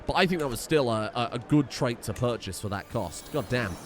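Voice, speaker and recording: A man's voice: mid-range voice, animated, a little fast, slight background noise. A man casually commenting on a strategy game, thinking aloud and reading the game's text. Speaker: gaming video host.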